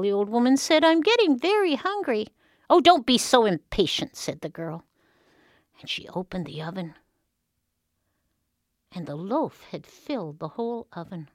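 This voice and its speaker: A woman storyteller telling a folk tale with expressive, dramatic pauses. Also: fairly low pitch, no room sound, clean studio sound.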